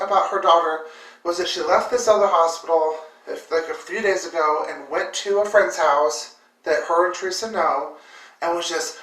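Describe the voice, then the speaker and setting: Woman vlogger, rambling and emotional, bright forceful voice, recorded from a distance in an echoey room. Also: mid-range voice. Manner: emotional, full of fillers and repeated words. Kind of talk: personal storytelling. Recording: roomy echo, distant mic.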